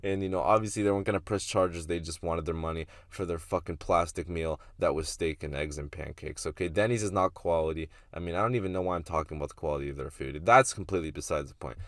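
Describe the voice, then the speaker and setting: A man's voice: low-pitched, fast talker, few pauses, a bit bright, dry recording, studio quality. A young man casually telling a story to his vlog audience, laid-back and slangy, swearing freely. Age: young adult. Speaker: vlogger.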